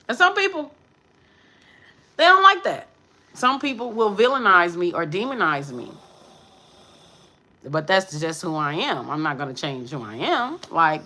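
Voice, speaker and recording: Brash, profane woman with bright lively voice. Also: lowish voice, rough recording. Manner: brash, profane and sassy, talking straight to viewers; emphatic, with sudden drops to mutters. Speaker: tarot reader. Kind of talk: live tarot reading monologue.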